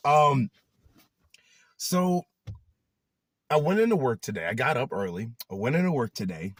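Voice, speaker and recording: Animated man vlogging casually. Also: mid-range voice, no echo, clean studio sound. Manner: animated, laughs often, trails off into rambling asides. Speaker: YouTuber. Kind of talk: casual vlog chat.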